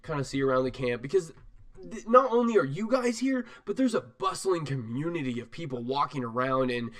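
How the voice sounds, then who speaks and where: A man narrating as game master of a tabletop game, animated and rambling, laughing often. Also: on the high side, fairly quick.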